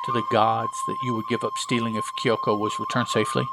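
A man's voice: fairly low pitch, steady tone, fast, very noisy, lightly acted. A man voicing an indignant young male swordsman in a comic-book reading, scolding.

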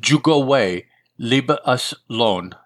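A man's voice: mid-range voice, expressive, a little slow, a bit bright. A man voicing a harried young mother who speaks broken English with a put-on Latin American Spanish accent, refusing a debt collector. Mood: defiant.

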